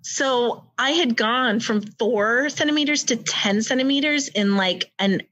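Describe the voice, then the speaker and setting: A woman in her thirties with an American accent tells her birth story in an animated, chatty way. Her voice sits a little high. She fills her talk with fillers and acts out what people said, often with a laugh. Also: a little slow, lo-fi sound. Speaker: podcast guest telling her birth story. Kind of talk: casual storytelling chat.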